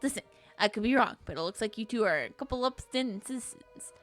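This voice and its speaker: A woman voicing a streetwise male black market dealer from a puzzle game, speaking low and conspiratorially. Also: lively intonation, fast, a bit bright, soft background music. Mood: warning.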